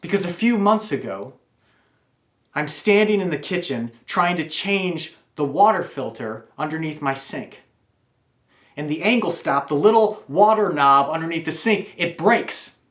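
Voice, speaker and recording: A man's voice: on the high side, lively intonation, unhurried, a bit bright, reverberant. A man telling a wry, confessional personal story.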